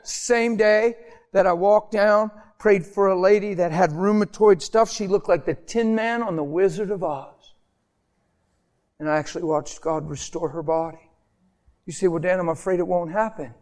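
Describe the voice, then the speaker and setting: A male preacher telling stories in an impassioned sermon, swinging from loud, animated delivery to hushed, intimate tones. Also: high voice, normal speed. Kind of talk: sermon with storytelling.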